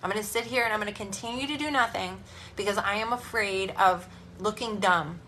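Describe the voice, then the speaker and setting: A woman business coach giving a live motivational talk and sales pitch, speaking directly with energetic tough-love encouragement. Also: fairly quick, background noise.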